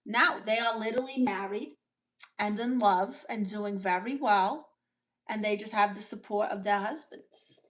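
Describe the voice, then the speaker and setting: A woman's voice: medium pitch, a little slow, lightly acted. A woman with a Brooklyn accent playing a brash, opinionated Latina aunt on a comedy livestream, answering chat with blunt, sassy retorts. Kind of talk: in-character livestream chat, reading viewer comments.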